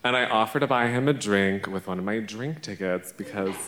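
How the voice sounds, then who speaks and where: A man's voice: lowish voice, a little fast, fairly bright tone. A man, a drag performer, telling a playful, brash and profane story live on a theater stage. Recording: echoey theater stage recording.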